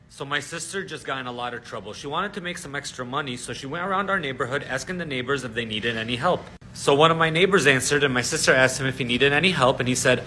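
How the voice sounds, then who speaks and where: Man narrating jokes deadpan. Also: mid-range voice, brisk, hardly any pauses. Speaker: joke narrator. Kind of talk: storytime joke narration.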